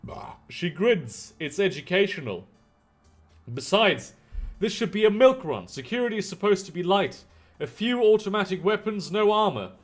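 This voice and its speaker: A man reading the lines of a brisk female hacker who leads a team, giving crisp orders in a video game stream. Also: high voice, lively intonation, faint music behind, pitched above the performer's own voice. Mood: teasing.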